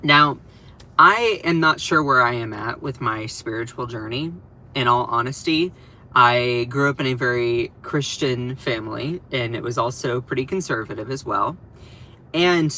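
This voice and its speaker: A man's voice: medium pitch, a little slow, sharp tone. A young man hosting a casual livestream from home, chatty and rambling, self-deprecating, with laughs and restarts. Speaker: livestream host. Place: at home over breakfast.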